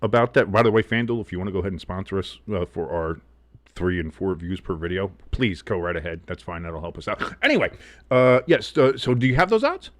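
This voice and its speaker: Male host, casual live sports chat, rambling and profane, pitch all over the place. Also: expressive, fairly quick, dry recording.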